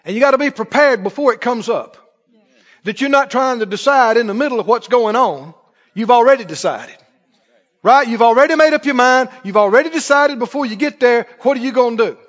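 A man preaching a sermon, emphatic and rising to shouts, drawing call-and-response from his congregation, recorded in an echoey church on a dull recording. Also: very high voice, animated, fairly quick. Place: church sanctuary.

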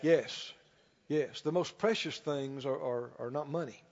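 A man preaching a sermon as pastor, emphatic, slowing down and rising on key lines. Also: fairly high pitch, creaky, darkish tone. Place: church sanctuary. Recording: dull sound with long hall reverb.

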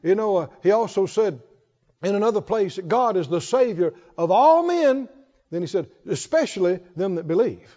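A man's voice: high-pitched, expressive, normal speed, warm tone. A man preaching a sermon, repeating key phrases and calling on the congregation to say them with him. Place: church hall. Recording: dull echoey church recording.

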